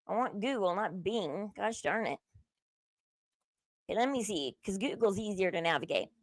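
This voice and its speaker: A woman's voice: mid-range voice, animated, moderate pace, no room sound. A woman host giving casual, rambling commentary while browsing on her computer at home, acting out the people she quotes.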